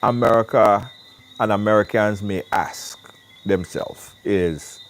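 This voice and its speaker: Speaking slowly in a fairly low voice, this Caribbean show host runs a live call-in program outdoors while wind blows around him. His delivery is casual yet emphatic and animated, full of repeated words.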